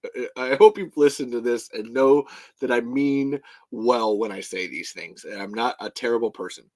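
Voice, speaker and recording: A man's voice: medium pitch, normal speed, darkish tone. An American man hosting a podcast in casual chat, rambling with restarts, swearing and laughing often. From United States. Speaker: podcast host.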